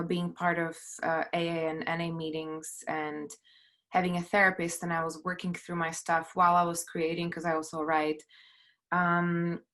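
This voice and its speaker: A middle-aged woman speaks on a video call from her home, her voice set slightly low. She tells her story earnestly and haltingly, full of fillers and restarts. She is emotional, close to tears. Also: a bit bright. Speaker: panelist, film producer. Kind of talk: personal testimony on a panel.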